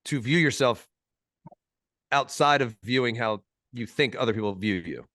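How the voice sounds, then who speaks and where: A man's voice: mid-range voice, normal speed, fairly bright tone, dry recording, studio quality. A man from New Jersey talking as a podcast guest in laid-back, slangy casual chat.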